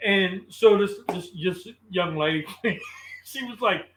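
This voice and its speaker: A middle-aged man, a podcast guest, telling a funny story in a casual, animated way. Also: sits high, slow pace, echoey room, slight background noise.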